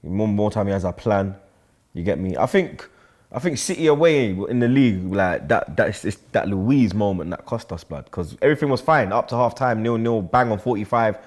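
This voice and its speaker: A man's voice: lowish voice, expressive, normal speed, darkish tone. A man with a London accent talking football in casual banter, full of slang and often checking in with "you get me". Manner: heavy slang, keeps asking "you get me", laughs often. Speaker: regular pundit.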